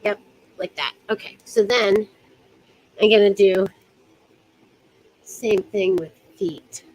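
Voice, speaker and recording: A woman's voice: mid-range voice, takes it slowly, a little mellow, low-quality recording. A woman giving a casual hands-on rope tying demonstration, chatty and giggly, often trailing off mid-sentence. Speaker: rope bondage instructor.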